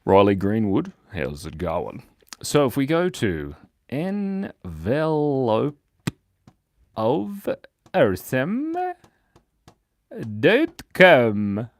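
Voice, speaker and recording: A man hosting a children's drawing livestream, chatting casually and reading out viewer comments in a playful way that swings between loud bursts and mumbled asides. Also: mid-range voice, wildly swooping pitch, extremely slow, long pauses, no echo, studio quality. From Australia. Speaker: livestream drawing host for kids. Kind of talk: casual live-stream chat reading comments. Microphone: mic set in a beard.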